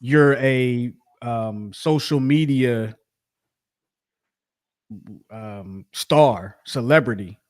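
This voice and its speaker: A man's voice: mid-range voice, extremely slow, pauses often, a little mellow. A man co-hosting a sports podcast, chatting casually, rambling with many restarts and fillers. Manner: rambling, repeats himself, frequent fillers. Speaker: podcast co-host.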